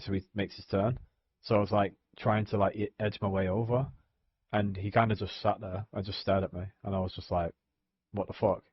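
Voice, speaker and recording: Young guy venting on stream, lowish husky voice, swears loads, dull mic. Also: no room sound. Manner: frustrated ranting, heavy swearing, many "like"s. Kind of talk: casual chat.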